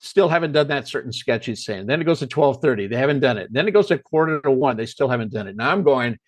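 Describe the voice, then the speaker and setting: A man's voice: medium pitch, animated, fast, no echo. An older American man, a comedy writer, telling a long story and acting out the voices of the people in it. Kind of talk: storytelling interview.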